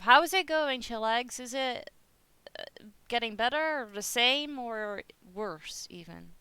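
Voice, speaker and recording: A woman's voice: on the high side, a little slow, pushed and bright, clear, resonant tone, no echo. A young woman with a Dutch accent, chatting casually with her live-stream viewers and laughing often. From Netherlands. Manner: chatty, giggly, reads chat aloud.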